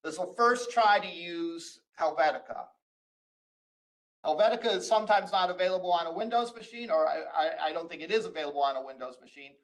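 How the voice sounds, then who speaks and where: A man with a fairly high voice gives a recorded college lecture. He explains each line of code patiently, pausing on "uh" and restarting his phrases as he goes. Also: lively intonation, low-quality recording. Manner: explains step by step, frequent "uh" and restarts. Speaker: college instructor. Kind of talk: recorded screen-share lecture.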